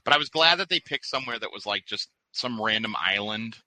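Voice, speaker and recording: A man's voice: lowish voice, lively intonation, brisk, bright, forceful tone, poor audio. A man joining a podcast as guest, joking and bantering through a casual movie watch-along. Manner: joking, banters back and forth.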